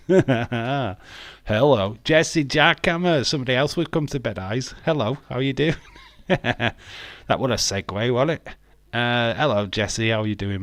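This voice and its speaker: A man's voice: fairly low pitch, fairly bright tone, no room sound. A man chatting casually on a live stream, greeting viewers, laughing often and swearing freely. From England. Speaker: wrestling watch-along streamer.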